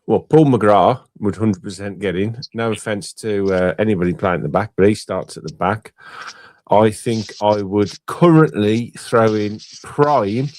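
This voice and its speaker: A man's voice: on the low side, measured pace, darkish tone, dry recording. A middle-aged man from England hosting a casual phone-in, chatty and teasing, repeating words as he goes. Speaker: phone-in host. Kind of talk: casual radio phone-in chat.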